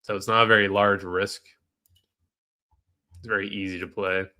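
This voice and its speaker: A man's voice: fairly low pitch, flat delivery, normal speed, sharp tone. A man with a nasal, stuffed-up voice, live-streaming trading commentary in a casual way, thinking aloud and answering chat questions.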